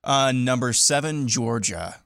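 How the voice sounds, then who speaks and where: A man co-hosting a talk show who reads out a ranked list in brisk, casual turns. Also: mid-range voice, vocal fry, fairly bright tone, clean tone, no room sound, clean studio sound. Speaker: co-host reading listener lists.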